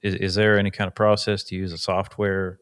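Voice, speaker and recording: Male interviewer, deep smooth voice, curious relaxed questions. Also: fast. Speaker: podcast host.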